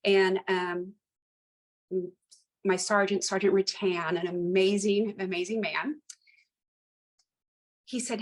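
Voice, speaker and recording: A woman in her fifties, a retired police lieutenant, telling stories as a guest in an animated, emphatic way and repeating phrases for effect. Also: medium pitch, a little slow, pauses often. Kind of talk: conversational storytelling.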